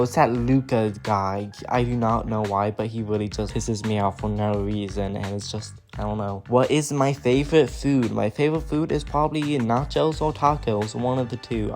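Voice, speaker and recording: Young guy yapping thru a q&a, slangy and chill, kinda tired sounding, quiet game music behind. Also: mid-range voice, vocal fry. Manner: rambling, slangy and laid-back; slumped posture, sounds tired. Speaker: gaming content creator. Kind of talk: casual Q&A chat.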